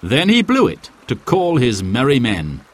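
Slow, expressive man reading a storybook. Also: mid-range voice. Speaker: narrator.

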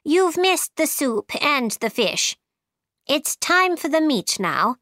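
A woman's voice: high voice, very animated, slow pace, bright, forceful tone, no room sound, studio quality, voice pushed up, full character voice. A woman voicing a bossy, imperious queen who gives commanding, clipped orders in a storybook reading.

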